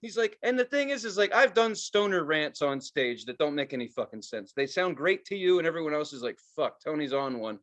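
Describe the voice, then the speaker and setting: A man's voice: fairly high pitch, expressive, fairly quick, few pauses, a bit bright. A man co-hosting a podcast, telling a story in a casual, exasperated rant full of swearing. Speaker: podcast co-host. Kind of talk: casual ranting chat.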